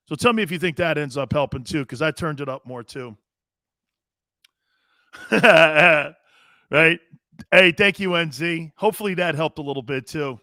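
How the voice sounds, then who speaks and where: A man hosting a live sports talk show and reading viewer chat, loud, jokey and profane, laughing often. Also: a little high, no room sound, studio quality. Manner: rapid, excitable banter.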